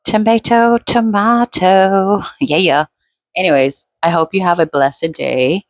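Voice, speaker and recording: A woman's voice: deep voice, moderate pace, dry recording. A woman vlogger rambling in a laid-back, unscripted monologue, full of fillers.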